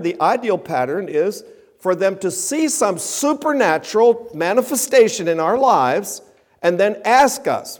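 A man preaching a sermon with emphatic, rising and falling delivery. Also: high voice. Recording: long reverb of a hall.

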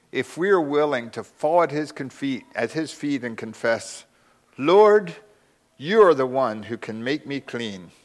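A man preaching a sermon, telling the story slowly and dramatically, dropping to a hush and then rising for emphasis. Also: on the high side.

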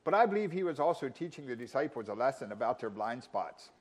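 A man preaching a sermon, emphatic, with dramatic pauses and rising intensity in quoted lines. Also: mid-range voice, very animated. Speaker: pastor.

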